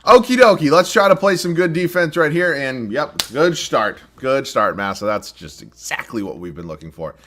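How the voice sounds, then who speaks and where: A man's voice: medium pitch, lively intonation, moderate pace, hardly any pauses, a bit bright, slight background noise. A young man commenting live on his own basketball video game, self-deprecating and prone to frustrated, swearing outbursts. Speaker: gaming YouTuber.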